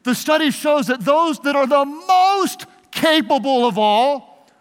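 High-voiced man preaching in a big hall. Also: slow. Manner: call-and-response, playful and emphatic. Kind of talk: leadership talk to a live audience. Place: large hall with an audience. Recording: long hall reverb.

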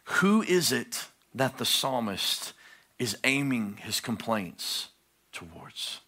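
A male pastor preaching a sermon, swinging from hushed low phrases to loud, high-pitched pleading. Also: very animated, slow.

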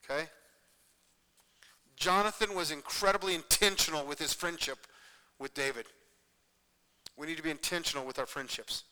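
Bright, earnest preaching man. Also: on the high side, normal speed, pauses often, smooth, long reverb tail, low-quality recording. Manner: earnest, repetitive, conversational preaching with frequent "okay?" check-ins. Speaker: pastor. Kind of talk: sermon.

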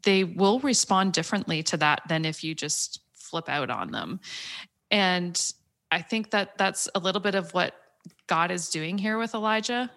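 Earnest, reflective woman, low-pitched. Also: normal speed, a bit bright. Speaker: podcast co-host. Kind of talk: casual Bible study discussion.

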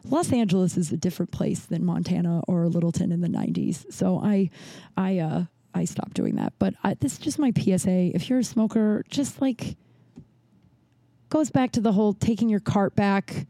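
A woman hosts a solo podcast in casual, rambling chat and tells stories in a blunt, profane way. Her voice is mellow and soft-edged, and it sits close and dry on the mic with no room sound. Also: medium pitch, very animated, moderate pace, gravelly, dry recording. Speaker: podcast host.

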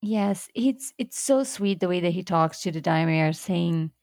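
A woman's voice: fairly low pitch, expressive, a little slow, a little mellow, no room sound. Young woman, recap podcast co-host, emphatic blunt reactions, dry close mic. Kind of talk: casual TV recap chat.

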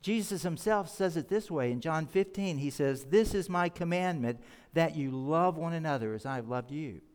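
A man's voice: fairly high pitch, moderate pace, a little mellow. A man preaching a sermon as pastor, explaining scripture earnestly and leaning hard on key words. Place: church sanctuary. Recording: reverberant church hall.

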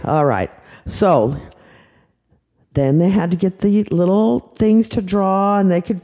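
An older woman, a grandmother, narrating a children's story in an animated, chatty way, full of asides. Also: sits low.

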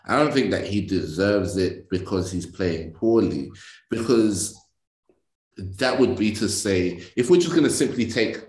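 A man in a sports debate, measured and reasoning, with hesitant restarts. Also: on the low side, expressive, a little mellow, echoey room.

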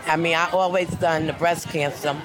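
A woman gives a plain, heartfelt answer at an outdoor charity run. Her delivery is flat and even, with a crowd behind her. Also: low voice, normal speed, rough recording. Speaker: run participant. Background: crowd chatter.

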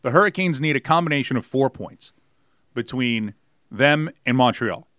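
A middle-aged man co-hosting a sports podcast, talking in a laid-back, jokey and animated way. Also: mid-range voice, moderate pace, no echo, clean studio sound. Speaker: podcast co-host. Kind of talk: casual sports podcast chat.

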